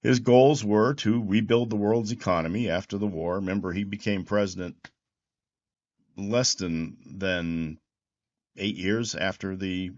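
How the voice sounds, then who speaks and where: A man's voice: lowish voice, steady tone, unhurried, darkish tone, dull audio. A man in his sixties hosting a reflective political commentary monologue, rambling with restarts and repeated words. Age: 60s. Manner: reflective, history-minded. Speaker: host.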